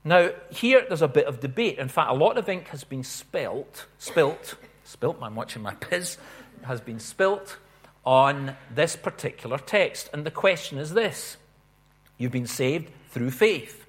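A man preaching a sermon in an earnest way, swelling and slowing on stressed phrases. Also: on the high side, animated.

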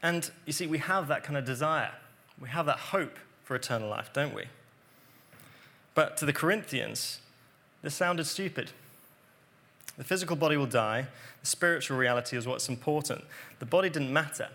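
A man preaching a sermon, explaining scripture earnestly and dropping to quiet emphasis on key points. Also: a little high, moderate pace.

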